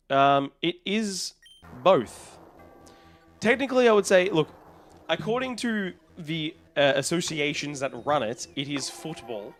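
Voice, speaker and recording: A man's voice: a little high, sing-song, moderate pace, a bit bright, soft background music. An Australian man live-streaming a game, chatting casually and answering viewers' messages in a loose, rambling way. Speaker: livestreamer. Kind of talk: casual chat with live chat readers.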